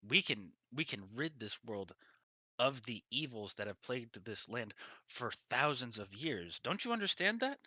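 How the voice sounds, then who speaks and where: A man's voice: medium pitch, big pitch swings, normal speed, pushed and bright, dry recording, muffled recording. A man voicing a zealous male knight who is eager to hunt down dragons, speaking in a fervent, pushy way.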